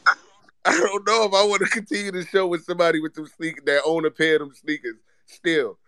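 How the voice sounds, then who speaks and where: A man co-hosting a casual live-audio chat, roasting a friend loudly and profanely with lots of laughter. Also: on the high side, steady tone, fast talker, no room sound. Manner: loud, profane, teasing roast with frequent laughter. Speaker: podcast co-host.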